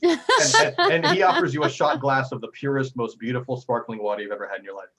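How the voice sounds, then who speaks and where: A man's voice: mid-range voice, sing-song, fast, a bit bright, rough recording. A man narrating a tabletop game as game master, storytelling with frequent ums and restarts.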